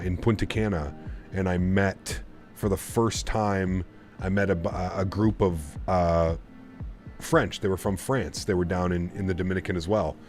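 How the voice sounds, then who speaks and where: A low-voiced man chats loosely on a live stream, drifting between topics and reading viewer messages out loud. Soft music plays faintly behind him. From Canada. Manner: rambling, reads chat messages aloud. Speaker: flight sim streamer. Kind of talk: casual live-stream chat.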